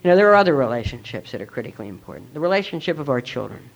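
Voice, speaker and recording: A man's voice: mid-range voice, sing-song, racing, creaky. A middle-aged man giving a personal testimony at a recovery meeting, earnest and reflective as he tells his story. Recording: dull lo-fi recording.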